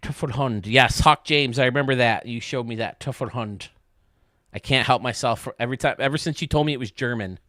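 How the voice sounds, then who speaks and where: Male streamer, casual and joking, cusses, dry close sound, mid pitch. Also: quick pace, hardly any pauses, bright, forceful tone, dry recording. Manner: chatty, joking, swears freely, talks to viewers by name. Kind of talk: casual live-stream chat while gaming.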